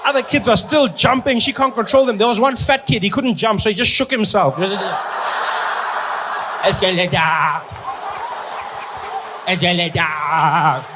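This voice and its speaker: A man with a South African accent doing animated stand-up storytelling, acting out the people in it. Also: very high-pitched, fairly quick, few pauses, background noise. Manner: animated, playful, acts out characters. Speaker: stand-up comedian.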